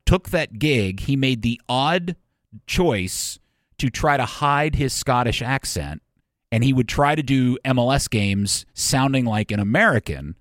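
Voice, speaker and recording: A man's voice: mid-range voice, dry recording. Man, sports radio co-host, casual chat, joking storyteller, dry close mic. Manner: joking, self-mocking storyteller.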